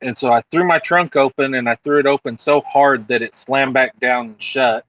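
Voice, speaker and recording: A man spins an animated story in a relaxed group chat, acting out other people's lines as he goes. His voice sits at an ordinary pitch. The sound is dull and lo-fi, dry and close, like video call audio. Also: normal speed, dry recording. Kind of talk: casual chat.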